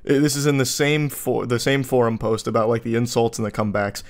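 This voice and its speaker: Sarcastic male commentator, mid-pitched voice. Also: level tone, a little fast. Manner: sarcastic, incredulous, mock-puzzled; frequent high-pitched exaggerated quips. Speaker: online commentator. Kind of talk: reaction commentary.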